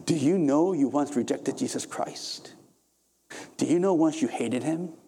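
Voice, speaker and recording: A young adult male pastor preaches with real fervor in a mellow, warm, slightly high voice with a breathy edge. Unhurried, he climbs to emphatic peaks, then drops into soft, gentle stretches.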